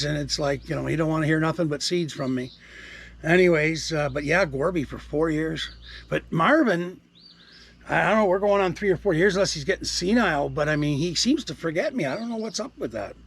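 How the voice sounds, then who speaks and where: A gravelly, husky man in his sixties talks casually outdoors at a campsite, with a slightly high voice. He rambles loosely from story to story and turns aside to talk to the animals nearby. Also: a bit bright. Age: 60s. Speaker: vlogger. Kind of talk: casual outdoor vlog chat.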